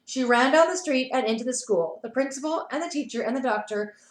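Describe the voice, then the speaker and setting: Woman playschool teacher, picture book read-aloud, animated with asides, high voice, echoey room, video call. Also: fairly quick. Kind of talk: reading a picture book to children.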